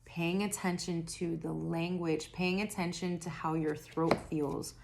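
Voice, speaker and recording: Young woman tarot vlogger, unhurried rambling delivery with slightly low pitch, throat worn raspy and tired. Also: fairly even intonation, noisy background. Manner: rambling, self-interrupting, laughs at herself. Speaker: tarot reader. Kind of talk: casual spiritual reading to camera.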